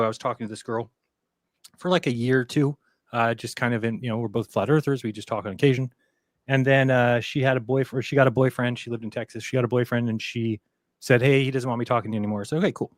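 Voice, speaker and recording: A man's voice: mid-range voice, no echo, studio quality. A man in casual conversation, telling a rambling story, acting out the quoted lines and swearing freely. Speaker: podcast guest.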